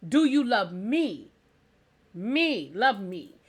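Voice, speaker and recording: A neglected pastor's wife presses her husband in a reproachful tone, as a woman reviewer puts her on. The voice is bright. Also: fairly high pitch, fairly quick. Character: neglected pastor's wife demanding real love.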